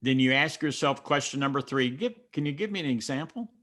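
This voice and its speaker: A man with a Southern accent from the North Carolina mountains, talking in a folksy, instructive way. He walks listeners through ideas step by step and tells plain personal stories. His voice sits at a middle pitch for a man. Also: animated, fairly quick, a bit bright. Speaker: speaker coach answering questions. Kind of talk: teaching Q&A and personal storytelling.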